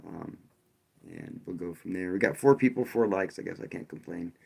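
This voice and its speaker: A man's voice: low voice, normal speed, gravelly, warm tone, husky. A man hosting a live stream, talking loosely and casually, with frequent restarts and a wry, sarcastic edge. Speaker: livestream host.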